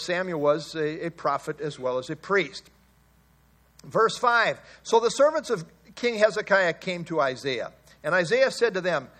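A man's voice: high voice, fairly bright tone. A male pastor giving an expository Bible sermon, earnest and emphatic, often repeating key phrases and chuckling.

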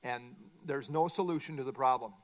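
A man's voice: medium pitch, a little fast. A middle-aged man teaching a Bible study lesson from a workbook, emphatic and repeating his key points.

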